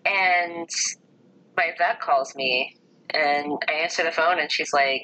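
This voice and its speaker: A woman's voice: sits low, slow pace, sharp tone, poor audio. A young adult woman co-hosting a casual chat who rambles through her stories and laughs often.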